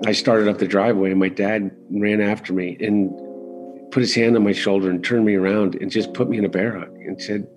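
A middle-aged man talking candidly as an interview guest, halting and restarting often as he searches for words. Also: lowish voice, fairly even intonation, faint music behind. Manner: halting, with frequent restarts and fillers.

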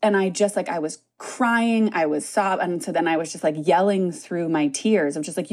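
A woman's voice: on the low side, moderate pace, few pauses, darkish tone, no echo, clean studio sound. A woman hosting a podcast, telling a personal story in a candid, conversational way with lots of "like.". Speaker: podcast host and narrator.

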